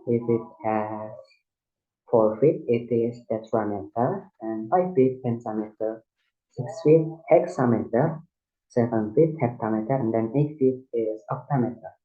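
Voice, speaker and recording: A man whose first language is Indonesian talks slowly through a lesson, stopping and restarting his sentences as he explains each step. His voice sits at an ordinary middle pitch. The recording is dull and lo-fi. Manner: halting, with many restarts and fillers, explaining step by step. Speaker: student teacher.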